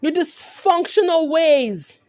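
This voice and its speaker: A woman's voice: very high-pitched, expressive, takes it slowly, a little mellow, soft background music. A woman in an angry, confrontational rant to the camera, repeatedly asking "right?". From California. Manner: confrontational, repetitive, peppered with "right?". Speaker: vlogger.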